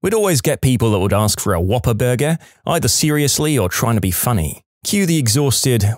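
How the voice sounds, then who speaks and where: A man narrating a string of reader-submitted service-job stories in a wry, deadpan way. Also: medium pitch, fairly quick, few pauses, dry recording, clean studio sound.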